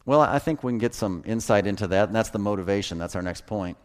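A man preaching a sermon as a pastor, folksy and animated, chuckling at his own jokes. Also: lowish voice, fast talker.

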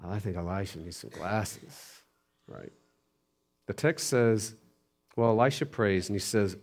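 A man preaching a sermon, building to loud emphasis with repeated phrases and dropping to hushed near-whispers. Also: low voice, measured pace, slightly rough. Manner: preaches with rising intensity and repetition. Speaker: pastor.

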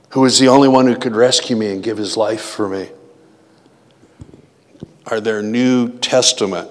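A man preaching a sermon, reading hymns and scripture and asking the congregation questions. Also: mid-range voice. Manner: teaching, asks the congregation questions. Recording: long hall reverb.

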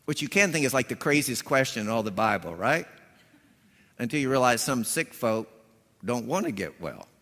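A man's voice: mid-range voice, sing-song, normal speed, fairly bright tone. A man preaching a sermon as a pastor, telling stories and acting out voices with punchy emphasis. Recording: long hall reverb.

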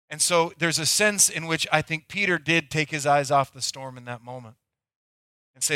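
Bright-voiced male pastor preaching. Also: a little high, moderate pace, no echo, clean studio sound. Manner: dynamic preaching, swinging from loud acted pleas to near-whispers. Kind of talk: sermon.

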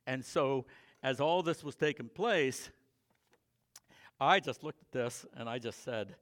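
A man preaching a sermon and sharing his own testimony, swinging between loud emphatic preaching and quiet confessional storytelling. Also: mid-range voice, a little slow.

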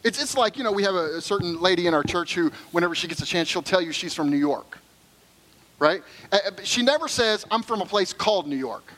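A man's voice: sits high, lively intonation, brisk, fairly bright tone, poor audio. A middle-aged man preaching a sermon as pastor, conversational and joking, then earnest.

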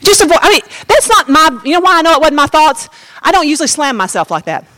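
A woman's voice: high-pitched, animated, fast, bright, forceful tone, no echo. A woman giving a personal testimony as a sermon, talking straight to the congregation in a conversational way. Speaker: preacher.

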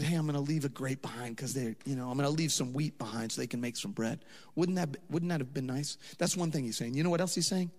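Impassioned preacher in a reverberant hall. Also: male voice, fairly high pitch, expressive, brisk. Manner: impassioned, rising to emphatic peaks; conversational preaching with asides. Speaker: pastor. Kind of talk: sermon.

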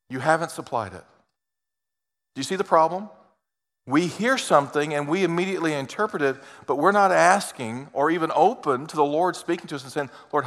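A man preaching a sermon as a pastor, earnest, moving between loud emphasis and quiet, intimate asides. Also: on the high side, long reverb tail.

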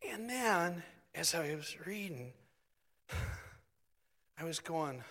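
A man's voice: a little high, slow, pauses often, fairly bright tone. A middle-aged man preaching a sermon in a loose, conversational, self-deprecating way. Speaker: pastor. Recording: long hall reverb.

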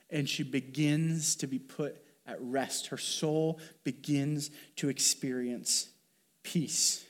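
A man's voice: on the high side, a little slow. A man preaching a sermon as pastor, talking in an earnest, conversational way with fillers and restarts.

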